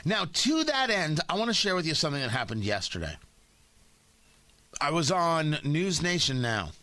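A male talk radio host with a bright, forceful voice, mocking and sarcastic. His pitch jumps around in an animated way, and the sound is close and dry in a studio. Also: moderate pace, no room sound.

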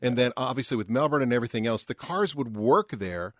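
Fast-talking chatty male host. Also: medium pitch, animated, a bit bright, dry recording, clean studio sound. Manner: quick, chatty, joking. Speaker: podcast host. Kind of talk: casual chat.

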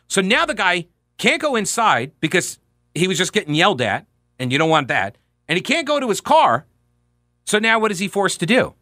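A male radio talk host speaks in an emphatic, conversational manner, walking listeners through events with obvious relish. His voice is bright and forceful, set a little high, and it sounds dry and close to the mic. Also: very animated, normal speed, no echo.

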